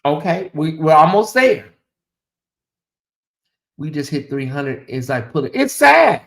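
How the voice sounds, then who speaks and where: A middle-aged man hosting a casual livestream, talking straight to his chat in an animated, teasing way. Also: on the high side, unhurried. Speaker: livestream host. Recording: echoey room.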